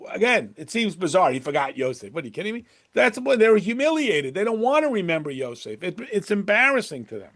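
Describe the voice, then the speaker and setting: Teaching Torah in a high voice, this man keeps things lively and conversational, rattling off rhetorical questions and performing quotations loudly.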